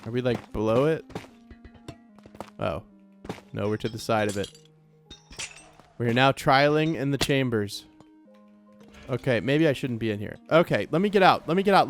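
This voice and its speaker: A young man casually commenting on his own gameplay in a chatty, joking way, quick to get startled and to repeat himself. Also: mid-range voice, animated, faint music behind. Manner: chatty, jokey, easily startled, repeats phrases. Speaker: let's play gamer.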